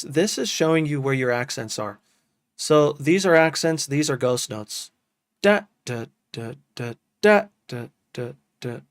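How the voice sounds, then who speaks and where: Man, live-stream chat, enthusiastic, slang-heavy, slightly high voice, dry close mic. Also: dry recording. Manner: loose and enthusiastic, says "dude" a lot. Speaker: music producer streaming to chat.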